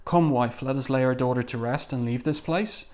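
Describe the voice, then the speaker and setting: A man's voice: medium pitch, moderate pace, darkish tone, close to an everyday voice. A man reading out a grieving vengeful mutant. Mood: defiant. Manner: read aloud with light emphasis. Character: grieving vengeful male mutant, middle-aged.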